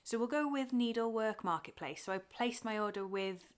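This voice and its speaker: A woman's voice: on the high side, normal speed. A young woman from Wales chatting casually to camera about her cross-stitch, talking openly and getting emotional, with fillers and laughs.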